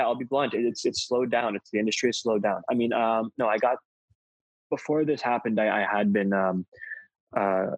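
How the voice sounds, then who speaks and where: A man with a somewhat low, husky voice chats with interviewers about his acting career. He talks loosely and jokes at his own expense. The sound is dry and close. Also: no echo, poor audio. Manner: chatty and self-deprecating, joking. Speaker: actor, interview guest. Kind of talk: casual interview chat.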